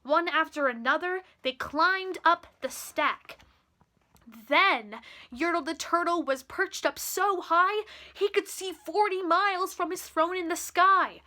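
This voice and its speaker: Slow expressive teen girl reading a storybook. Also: very high voice. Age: teens. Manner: slow, expressive read-aloud. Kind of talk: reading a children's picture book aloud.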